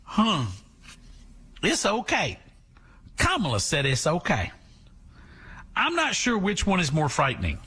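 A male talk radio host delivers sarcastic, animated commentary, his voice swinging widely in pitch. It sounds high, bright and a bit husky. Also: moderate pace, long pauses.

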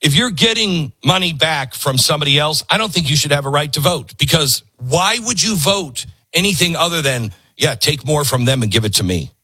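A man's voice: on the high side, expressive, moderate pace, few pauses, pushed and bright, slightly rough, no room sound. A man hosting a political commentary show, talking in a sarcastic, mocking way with lots of asides.

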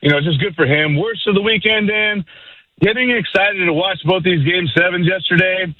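A man's voice: high voice, normal speed, dry recording. A man calling in to a sports radio show, upbeat and slangy, heard over a phone line. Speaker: caller. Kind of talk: casual call-in chat.

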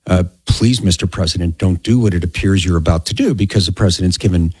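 A man with a deep, slightly husky voice hosts a radio call-in show. He talks in a relaxed, conversational way, full of "yeah"s. The studio sound is dry and close. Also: fast talker, no room sound. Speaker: radio talk host. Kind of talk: talk radio chat.

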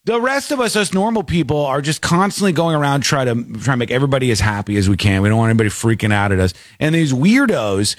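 A man hosting a talk show, chatting casually and ranting with animated, acted-out quotes. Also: medium pitch, fast, few pauses, dry recording, clean studio sound. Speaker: podcast host. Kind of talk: casual chat.

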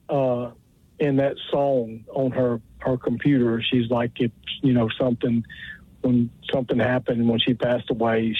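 Flat-voiced Alabama caller on the phone. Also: male voice, medium pitch, no room sound. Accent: Southern US, Alabama. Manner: halting, hesitant, lots of "uh". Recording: dry, tinny phone line.

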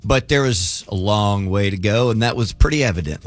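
A man co-hosting a morning radio show, chatting casually and giving relaxed opinions on sports. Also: fairly low pitch, fairly quick, faint music behind. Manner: laid-back, opinionated sports talk. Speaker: radio co-host. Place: radio studio.

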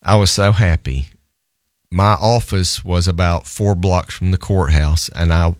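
A male lawyer telling a story in an animated, self-amused way, laughing often as he talks. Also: low-pitched, dry recording, studio quality.

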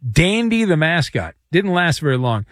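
A man hosting a sports talk radio show, reading out listener answers and teasing callers in an animated, exasperated way. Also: on the high side, normal speed, dry recording, studio quality.

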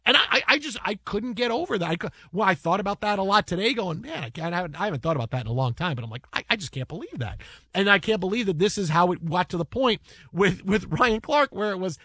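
Fast, animated man telling a story. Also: high-pitched, breathy edge, no room sound, clean studio sound. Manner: animated, rapid storytelling with restarts. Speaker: podcast host and broadcaster. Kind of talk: casual storytelling chat.

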